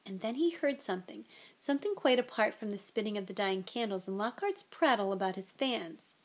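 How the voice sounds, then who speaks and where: A woman reading a novel aloud in an expressive way, with relaxed, chatty asides to her listeners. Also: medium pitch, brisk. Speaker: audiobook reader.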